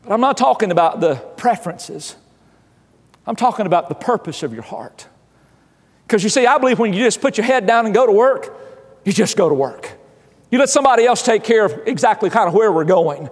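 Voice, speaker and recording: A man's voice: sits high, animated, fairly quick, long reverb tail. A male pastor delivering an earnest sermon in a church, often repeating his phrases. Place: church sanctuary.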